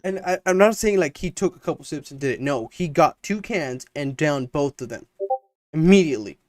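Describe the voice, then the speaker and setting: A young podcast co-host with a slightly high, darkish voice tells a long, rambling story in a casual way, acting out his friends' lines. He's expressive and a little fast, and the studio sound is clean with no echo.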